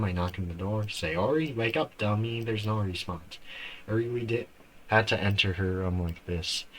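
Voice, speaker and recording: A man's voice: lowish voice, a bit bright, a little hiss or hum, rough recording. A man streaming a game live, reading its story text aloud and breaking off into shocked outbursts.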